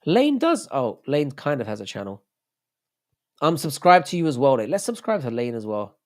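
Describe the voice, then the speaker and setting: A man's voice: medium pitch, sing-song, normal speed. A man hosting a livestream, rambling, swearing and joking with his chat. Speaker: livestream host.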